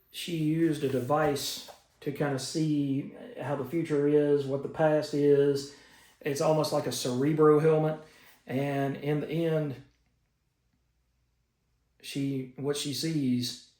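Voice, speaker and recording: An enthusiastic man talks through the week's comics in a casual, rambling way, with plenty of fillers. His voice sits at a middle pitch. The room echoes around him. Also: a little mellow. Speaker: comic book reviewer. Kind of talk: casual comic review monologue. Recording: roomy echo.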